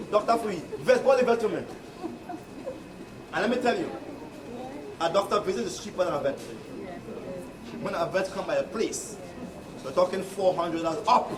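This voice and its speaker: A man's voice: high voice, normal speed, long pauses. A man with a Trinidadian accent giving a rousing, preacherly address to workers, with mocking asides. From Trinidad and Tobago. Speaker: union leader addressing workers. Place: indoor workplace gathering. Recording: echoey room, far from the mic, noisy crowd.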